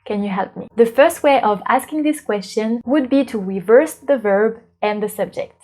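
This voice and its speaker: A woman from France hosting a language lesson, explaining patiently and clearly. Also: on the high side, normal speed, darkish tone. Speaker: French teacher and channel host. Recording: light background music.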